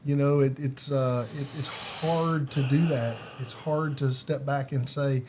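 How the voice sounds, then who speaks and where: A man's voice: medium pitch, fairly even intonation, a little slow, background noise. A man hosting an interview, responding in an affirming, reflective way. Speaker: host. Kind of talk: interview conversation.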